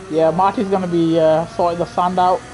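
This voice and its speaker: A man streaming live racing gameplay from a home setup on a gaming headset, chatting to viewers and breaking into loud, frustrated outbursts. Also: high-pitched, slight background noise. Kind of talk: live sim-racing commentary.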